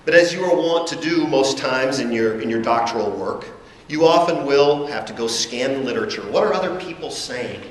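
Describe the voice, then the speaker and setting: A man presenting an academic conference lecture, deliberate and emphatic in his phrasing. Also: mid-range voice, animated. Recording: echoey hall with faint room noise.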